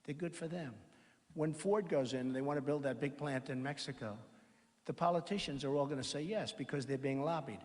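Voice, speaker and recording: A man's voice: fairly high pitch, a little fast, darkish tone. A man giving a campaign rally speech, rambling, boastful and repetitive, into a podium microphone. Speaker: political candidate. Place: large hall at a college event. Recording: echoey reverb of a large hall.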